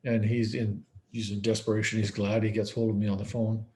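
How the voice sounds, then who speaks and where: A man's voice: lowish voice, flat delivery, a little fast, a little mellow. A man speaking as a psychiatrist in a conference lecture, telling case stories in a conversational way. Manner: conversational, storytelling, acts out quoted dialogue.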